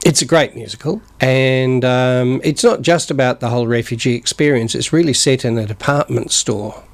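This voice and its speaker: A man's voice: medium pitch, normal speed, gravelly. A man in his sixties, born in the north of England and raised in New Zealand, chatting in a rambling, jokey way as a studio guest. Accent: New Zealand with northern English traces. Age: 60s. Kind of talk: casual chat. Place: community TV studio.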